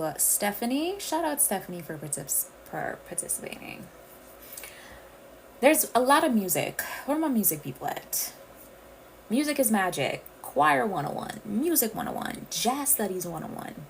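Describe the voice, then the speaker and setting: A woman's voice: mid-range voice, huge pitch swings, normal speed, vocal fry, slight background noise, low-quality recording. A woman from the Caribbean, hosting a casual livestream and chatting directly with her viewers. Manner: chatty, addresses viewers as y'all. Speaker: livestream host.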